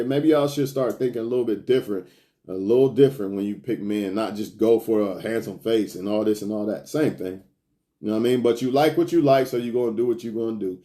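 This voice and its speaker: A man talks straight to camera, lecturing his viewers in a blunt, profane, street-casual way. His voice sits at an ordinary middle pitch for a man. He repeats his points and hammers them home with emphasis. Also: mellow. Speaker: self-improvement vlogger. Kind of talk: casual preachy monologue to viewers.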